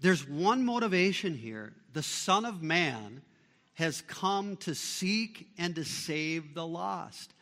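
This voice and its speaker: A male pastor preaching a sermon, shifting between loud emphatic bursts and quiet low passages. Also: expressive, slow pace. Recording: long reverb of a large hall.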